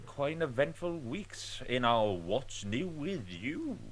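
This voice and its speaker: A man's voice: medium pitch, sing-song, slow, slight background noise. A man co-hosting a podcast, rambling through casual banter with frequent restarts. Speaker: podcast co-host.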